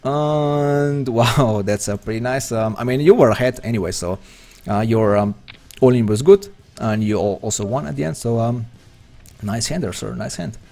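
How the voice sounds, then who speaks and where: Gravelly Slovenian-accented man streaming poker. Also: mid-range voice, expressive, normal speed, a little mellow, soft background music. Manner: rambling, hesitant, chatty. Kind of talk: live-stream commentary while playing.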